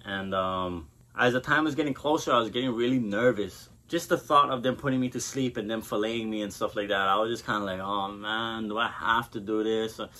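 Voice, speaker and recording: A man's voice: medium pitch, fast talker, hardly any pauses, bright, forceful tone. A man vlogging from Hawaii, talking casually to camera and telling a personal story with loose, profane chatter.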